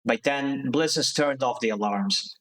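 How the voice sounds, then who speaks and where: A man streaming a narrative game, reading the text aloud at a middle pitch. He breaks in with relaxed, joking asides between passages. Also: a little slow, low-quality recording.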